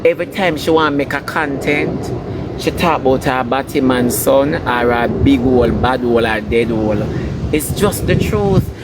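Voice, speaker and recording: A man's voice: medium pitch, measured pace, heavy background noise. A man with a Jamaican accent delivering a scolding, preachy rant full of emphatic repetition. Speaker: entertainer ranting online. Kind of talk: ranting commentary.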